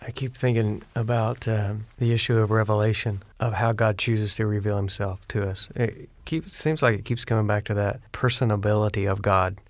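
A man reflects aloud in a theology discussion, working through his thoughts with fillers. His voice is low and flat, with little movement. The sound is dry and close. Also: normal speed, few pauses, no echo. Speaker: discussion participant.

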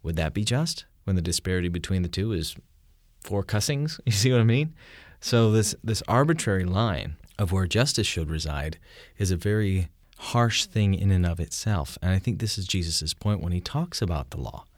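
A man talks through faith and scripture in an animated, lively way, his pitch swinging up and down as he builds examples. His voice sits on the low side. The sound is dry and close. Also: moderate pace, no echo. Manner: animated explainer, shouts quoted lines in vivid examples, asks "you see?". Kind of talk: conversational theology discussion.

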